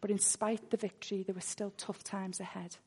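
A woman's voice: medium pitch, flat delivery, brisk, warm tone, husky. A woman preaching a sermon full of personal testimony, earnest, and she repeats words when she gets worked up.

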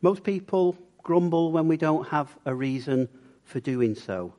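A man's voice: on the high side, a little slow, lo-fi sound. A man preaching a sermon and telling stories, acting out the voices of the people in them. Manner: lively storyteller acting out quoted voices. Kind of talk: sermon with storytelling.

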